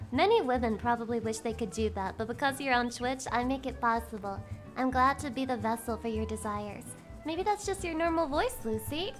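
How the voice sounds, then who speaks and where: A woman streamer chatting with her live audience, loud and excitable, swearing often and breaking into shrieks, her voice strained and cracking. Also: fairly high pitch. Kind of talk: casual chat with a live audience.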